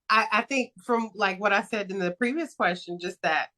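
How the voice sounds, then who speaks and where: A woman's voice: medium pitch, normal speed, sharp tone. A young adult woman speaking as a podcast guest in casual interview chat, earnest and reflective, with many fillers.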